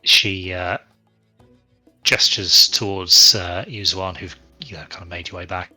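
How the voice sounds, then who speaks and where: A man running a tabletop game, narrating in a relaxed, rambling way full of fillers. His voice is low with a strikingly bright, forceful edge. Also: measured pace, slightly rough, faint music behind. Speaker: game master.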